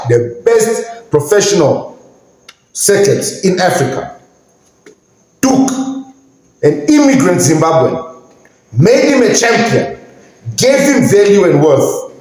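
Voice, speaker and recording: A man's voice: fairly high pitch, darkish tone. Indignant man ranting in an echoey room. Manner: indignant, emphatic, searching for words. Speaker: podcast host. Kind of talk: ranting commentary.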